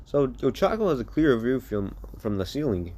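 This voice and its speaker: Male storyteller, improvised and rambling, restarts often; low-key, dark-toned. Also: very animated, normal speed. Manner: rambling, many restarts and repeats. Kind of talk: improvised fan-fiction narration.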